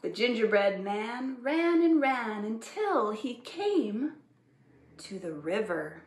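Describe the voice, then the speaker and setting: A woman librarian reading aloud at a preschool storytime, animated, gently asking children questions. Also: fairly high pitch, takes it slowly. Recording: echoey room.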